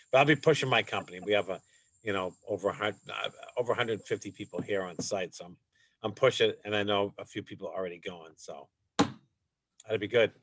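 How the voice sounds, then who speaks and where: A chatty comedian guest with a low voice. He talks casually and jokes as he goes, recorded dry with no room sound. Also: a bit bright, dry recording. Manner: chatty, joking. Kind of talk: casual interview chat.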